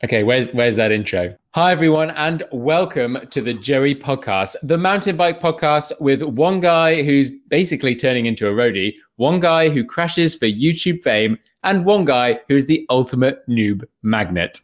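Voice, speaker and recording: Brief: English man, podcast host, jokey banter, middle pitch. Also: animated. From England. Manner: joking, quick banter with laughs. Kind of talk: casual podcast chat.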